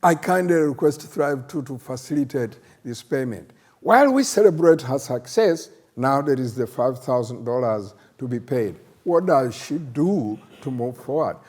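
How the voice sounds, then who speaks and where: An older man from Uganda, a professor hosting a plenary session, speaking in a halting way with many fillers and emphatic rhetorical questions. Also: mid-range voice, expressive, a little mellow. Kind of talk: conference plenary talk.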